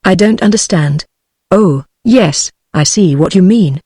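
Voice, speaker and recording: A text-to-speech woman's voice with a British English accent, reading the lines of a bold young woman in an even tone. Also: fairly low pitch, a little slow, slightly rough, dry recording, studio quality, heavily acted. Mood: playful. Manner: even synthetic reading, no character voice.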